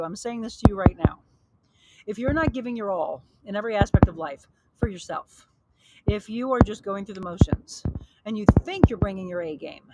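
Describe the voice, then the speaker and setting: A woman fitness coach and host, slightly out of breath, energetically demonstrating a workout outdoors by a pool and encouraging viewers while reading their comments. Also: medium pitch. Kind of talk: live workout demo and motivational talk. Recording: loud background noise with clicks.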